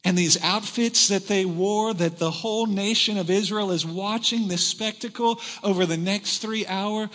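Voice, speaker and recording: A man preaching a sermon to a large congregation, retelling a story with dramatic swings between shouting and hushed tones. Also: high-pitched, big-room sound. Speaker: pastor. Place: large church hall.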